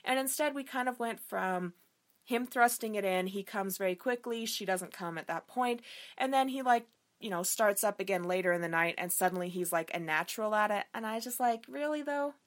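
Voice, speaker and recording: A woman's voice: medium pitch, brisk. A woman hosting a book review podcast, chatting casually and frankly with lots of fillers and swearing. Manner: candid, profane, animated, frequent fillers. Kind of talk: casual chat.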